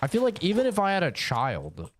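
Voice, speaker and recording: A man's voice: sits high, wildly swooping pitch, fairly quick, slight background noise. A young man streaming a game, telling a rambling, profane story in a casual chat full of fillers. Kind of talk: casual storytelling while gaming.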